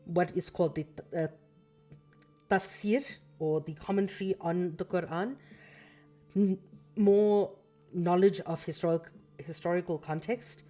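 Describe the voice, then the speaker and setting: A woman's voice: lowish voice, fairly even intonation, a little slow, long pauses, mellow, faint music behind. A woman hosting a casual livestream, reading a book and talking it through thoughtfully, with fillers and self-corrections and a slightly scratchy throat.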